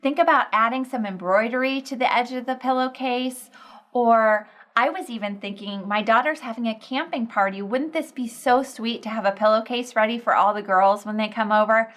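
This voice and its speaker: A woman's voice: fairly high pitch, moderate pace, fairly bright tone. A woman in her thirties hosting a sewing tutorial, chatty and encouraging as she walks through a project. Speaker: sewing instructor and show host.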